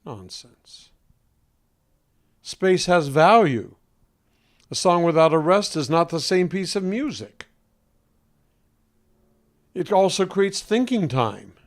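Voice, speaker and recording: A man working as a voice coach, speaking to an interviewer in a deliberate, emphatic way with pointed pauses and a singer's trained voice. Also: sits high, very animated.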